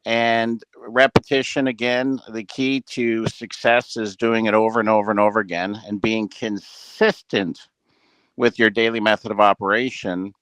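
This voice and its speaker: A man with a fairly low voice gives an earnest, rambling motivational talk to his team over a video call. He leans on fillers and restarts as he builds his points. The sound is dry and close, with no room around it. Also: level tone, normal speed, fairly bright tone, clean tone, no echo. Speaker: business leader addressing a team call. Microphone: headset with ear monitor.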